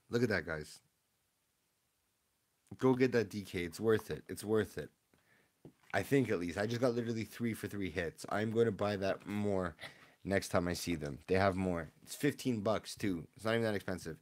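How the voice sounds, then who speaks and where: A man opening trading card packs on a live stream, chatting excitedly with his viewers in a casual, rambling way. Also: fairly low pitch, normal speed.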